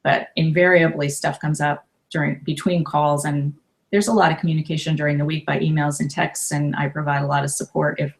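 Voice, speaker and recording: A woman in her fifties, a life coach and author, talking warmly and emotionally in a casual interview, with many restarts. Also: sits low, little pitch movement, brisk, gravelly.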